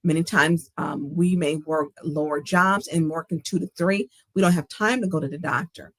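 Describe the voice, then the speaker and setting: A woman's voice: sits low, fairly even intonation, normal speed, dry recording. A middle-aged woman hosting a livestream talk show, speaking earnestly and with emphasis from her own life and reading out viewer comments.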